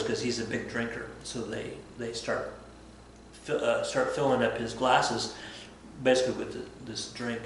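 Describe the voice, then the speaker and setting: A male history teacher telling a story to his students in a chatty, animated way, acting out bits of dialogue. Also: mid-range voice, measured pace, heavy reverb, slight background noise, low-quality recording. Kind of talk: casual storytelling lesson.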